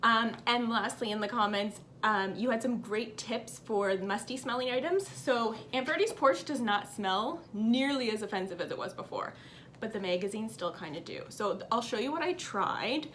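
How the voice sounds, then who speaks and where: A woman's voice: on the high side, lively intonation, normal speed, fairly bright tone, a little hiss or hum. A woman hosting a cross-stitch vlog, chatting upbeat to camera and reading out viewer comments at home. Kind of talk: casual chat to camera.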